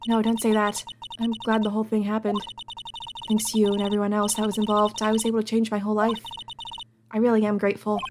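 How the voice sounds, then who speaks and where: A woman voicing a composed, earnest young woman exhibition manager in a video game read-through, measured and formal. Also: mid-range voice, completely flat delivery, over music, close to an everyday voice.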